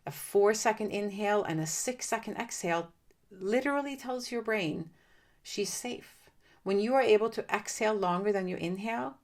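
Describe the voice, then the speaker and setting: A woman hosting a solo podcast, giving gentle, reassuring coaching advice directly to the listener. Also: medium pitch. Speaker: podcast host and divorce coach.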